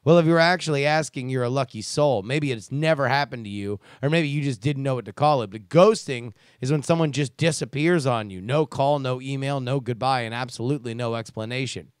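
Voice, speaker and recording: A man's voice: medium pitch, a little fast, few pauses, smooth, no room sound, studio quality. A man hosting a casual commentary show who rants in a sarcastic, profane way and reads listener emails. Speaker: podcast host reading listener emails.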